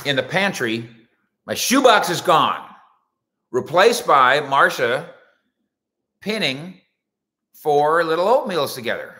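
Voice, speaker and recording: A man's voice: a little high, big pitch swings, takes it slowly, long pauses, bright, forceful tone. A man hosting a sports talk show, rambling through jokey stories and asides in a casual monologue. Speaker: sports radio and web show host. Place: indoors at home.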